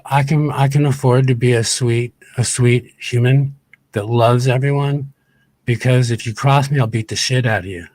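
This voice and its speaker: A man's voice: medium pitch, a little mellow. A man ranting on a livestream, angry and profane, repeating his points over and over. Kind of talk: heated livestream rant.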